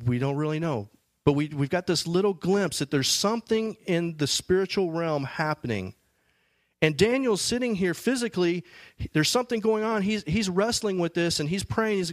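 A man's voice: high voice, animated, moderate pace, no echo. Guy preaching a sermon, chatty, lots of restarts, dry close mic. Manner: conversational, many restarts and fillers. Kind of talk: sermon with scripture reading.

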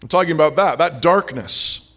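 A man preaching a sermon with earnest, repetitive phrasing, swinging between forceful and hushed. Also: a little high, moderate pace.

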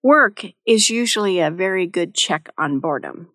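A woman's voice: fairly low pitch, lively intonation, normal speed, a bit bright, no echo, studio quality. A middle-aged woman giving a devotional teaching talk in a motherly, practical way, with light touches of humor. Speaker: Christian devotional speaker.

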